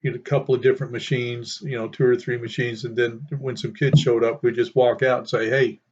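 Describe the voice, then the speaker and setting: A man's voice: mid-range voice, level tone, brisk, background noise. An older man reminiscing in a casual, rambling way, full of fillers. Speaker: storyteller. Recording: dull lo-fi sound.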